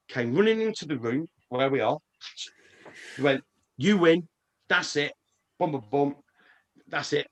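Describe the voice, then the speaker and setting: A man spins a long, winding tale in a casual mid-pitched voice. He swears freely, stumbles over his words and restarts his sentences. It sounds like an online live stream call. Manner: rambling, swears, many restarts. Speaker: guest. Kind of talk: casual storytelling.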